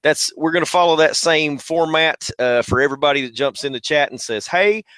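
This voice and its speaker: A man's voice: a little high, fairly quick, smooth, dry recording. A man with a Southern US accent hosting a casual livestream podcast on a headset, laid-back and slangy as he greets viewers by name. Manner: laid-back, slangy, shouting out chat names. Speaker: podcast host.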